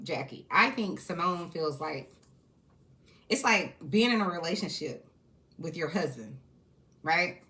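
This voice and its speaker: A woman giving casual, candid commentary on a reality show, sassy and outspoken, with quick asides. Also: deep voice, fairly bright tone.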